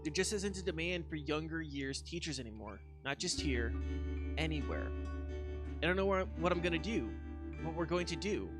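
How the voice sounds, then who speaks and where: A man's voice: fairly high pitch, lively intonation, normal speed, lightly acted. A man reading as an anxious, worried spouse. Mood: distressed. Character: worried young spouse who just lost their job. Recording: music playing behind.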